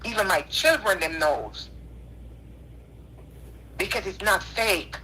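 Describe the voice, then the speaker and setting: A woman's voice: medium pitch, lively intonation, slow, pushed and bright, a little hiss or hum. A tearful woman calling in on a phone line, talking in an earnest, repetitive, preacherly way. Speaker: caller. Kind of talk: emotional call-in apology.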